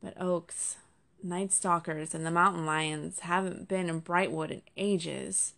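A woman's voice: on the low side, fairly even intonation, takes it slowly, gravelly, a bit bright, heavily acted. A woman voicing an injured, weary male fox who carries the mail, speaking with strain in a storybook reading. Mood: pleading, earnest.

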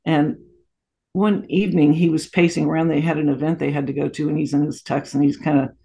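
A woman in her sixties recounting family memories in an interview. Her voice has a gravelly fry, and she tells stories with lots of asides and small laughs. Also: low voice, level tone, a little fast. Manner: warm anecdotal storytelling with frequent laughs and asides. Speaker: guest. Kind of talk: storytelling interview.

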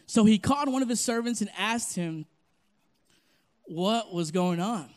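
Young pastor, high voice, energetic preaching with loud-soft swings. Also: male voice, moderate pace, pauses often. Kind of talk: sermon.

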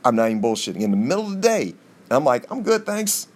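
Dude ranting a wild story on his podcast, swears a ton, voice jumps up when he gets worked up. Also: very fast. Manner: animated, profane, jumps in pitch for emphasis. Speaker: podcast host. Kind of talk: profane comic storytelling monologue.

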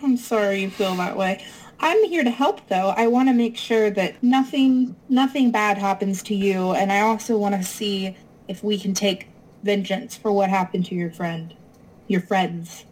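A woman's voice: medium pitch, steady tone, moderate pace, darkish tone, poor audio. A woman player in a tabletop role-playing game, talking earnestly and kindly. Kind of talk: tabletop role-play chat.

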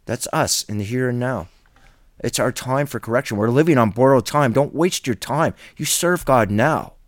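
A man giving a solo Bible teaching video in an earnest, insistent, preacherly way, sometimes halting and restarting as he improvises. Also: medium pitch, no room sound, clean studio sound.

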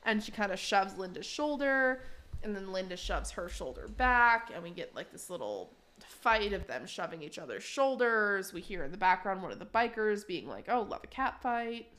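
A woman in the middle pitch range chats through a casual recap. She talks loosely and laughs often, and her speech is full of fillers. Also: animated, moderate pace, fairly bright tone. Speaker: podcast host.

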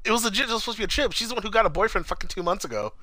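A man's voice: rapid-fire, poor audio. A young man from California telling a story in casual chat, swearing often and acting out other people's lines. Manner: animated, acts out quotes in a high voice, swears often.

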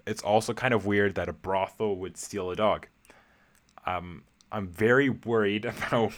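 Young male podcast host, somewhat low voice, playful and rambling, laughs often. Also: a bit bright. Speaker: podcast host answering voice messages. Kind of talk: casual, rambling monologue.

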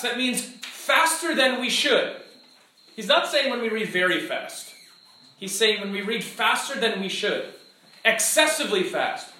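A man teaching a class in a lively, illustrative way, acting out quotes and examples as he explains. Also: high-pitched. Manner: animated, illustrative, acts out quotes. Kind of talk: classroom lecture. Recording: echoey room with faint background noise.

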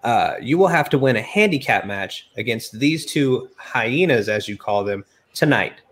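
A man's voice: medium pitch, expressive, normal speed, fairly bright tone, natural voice. A man playing a bossy male wrestling executive who blusters with authority. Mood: blustering.

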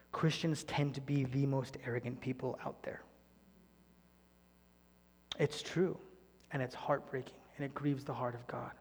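A man preaching a sermon as pastor, earnest, often sinking to a soft near-whisper. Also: mid-range voice, in a large hall.

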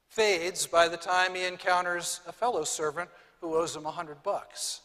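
A man's voice: high voice, steady tone, normal speed, hardly any pauses, sharp tone, big-room sound. A man preaching a sermon as pastor, earnest and building to emphatic peaks.

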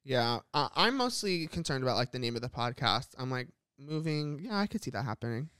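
A young man co-hosts a casual podcast. He is easygoing and jumps in with short reactions. His mid-pitched voice is smooth and close to the mic in a dry room. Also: very animated, sharp tone, dry recording. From San Francisco Bay Area. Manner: easygoing, chimes in with quick reactions. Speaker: podcast co-host.

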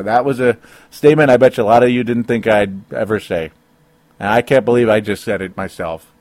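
Rambling man ranting about football. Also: on the low side. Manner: rambling, self-interrupting, laughs between points. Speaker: sports talk podcast host. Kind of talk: emotional solo sports rant.

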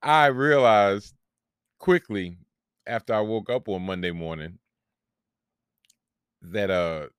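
A man's voice: lowish voice, slow pace, pauses often, clean tone, dry recording, clean studio sound. A man, hosting a solo podcast and telling a long, rambling, profane story about himself with self-mocking humor. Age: 40s. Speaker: podcast host.

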